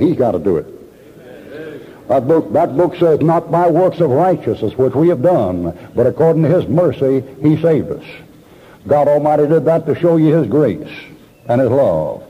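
A man preaches a sermon, spinning folksy stories and hammering his points with repetition. His voice is husky and mid-pitched. The recording is a dull, muffled old tape that carries the long echo of a church hall. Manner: folksy storyteller, emphatic repetition.

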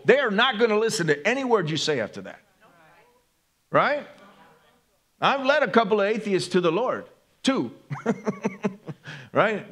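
Conversational male pastor, slightly high voice. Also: a bit bright. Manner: conversational, often asks "right?" of the congregation. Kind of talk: sermon.

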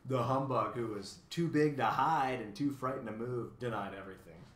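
A man reading a children's story aloud as narrator, in an expressive, even storytelling manner, in a roomy recording. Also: medium pitch, moderate pace, hardly any pauses. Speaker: audiobook reader.

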